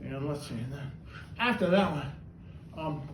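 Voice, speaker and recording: A man hosting a trained parrot show, chatty and animated as he coaxes his bird through its tricks. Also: a little high, normal speed, a little hiss or hum. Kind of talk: showman's patter with a pet bird. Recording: echoey room, voice from far off, faint ambience.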